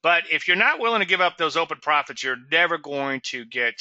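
A man's voice: fairly high pitch, expressive, brisk, pushed and bright, dry recording, lo-fi sound. A middle-aged man from Louisiana giving trading commentary in a chatty webinar, with sarcastic asides and a habit of tagging "okay?" onto points.

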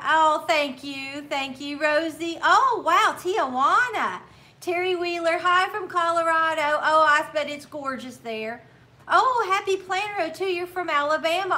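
A woman's voice: sits high, bright, forceful tone. Cheerful woman hosting a casual livestream. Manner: cheerful, reads out viewer names and comments. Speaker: craft livestream host. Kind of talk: casual livestream chat greeting viewers. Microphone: laptop or phone mic.

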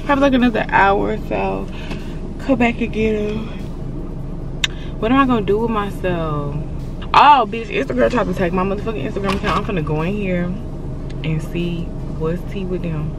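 A woman's voice: mid-range voice, moderate pace, noisy background. A young woman vlogging in a casual, swear-heavy chat, talking straight to the camera about her dog and her day.

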